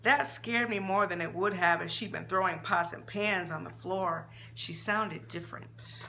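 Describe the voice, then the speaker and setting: A woman author reading her own short story aloud, expressive and slowing down for emphasis. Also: fairly low pitch, vocal fry, slight background noise.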